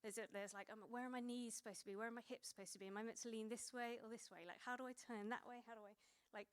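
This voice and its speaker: Conversational woman preaching with a smooth voice. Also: on the high side, steady tone, rapid-fire. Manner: conversational, with many fillers and self-corrections. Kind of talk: sermon.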